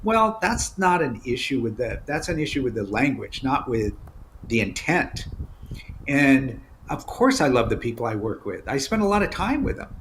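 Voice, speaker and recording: A middle-aged man chatting as a guest in an interview, frank and full of stories about his working life. He talks in an easygoing, animated way with asides and restarts, at an ordinary pitch for a man. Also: moderate pace, a little hiss or hum. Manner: candid, storytelling, animated asides. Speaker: executive guest. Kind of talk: casual interview chat.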